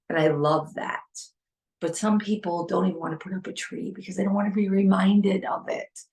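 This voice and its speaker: A woman's voice: mid-range voice, creaky, darkish tone. A middle-aged woman hosting a heartfelt solo podcast, talking earnestly and pleading, repeating phrases for emphasis. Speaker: podcast host.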